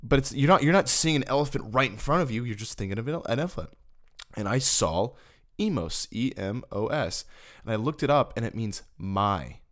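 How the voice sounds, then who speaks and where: Man, casual storyteller, conversational, mid pitch, faith chat. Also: expressive, fairly quick, fairly bright tone.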